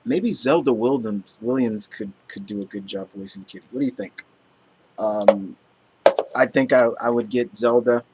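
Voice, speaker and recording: A man chatting casually to camera in an excited, rambling way, with many fillers and restarts. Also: mid-range voice, slightly rough. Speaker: vlogger. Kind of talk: casual chat.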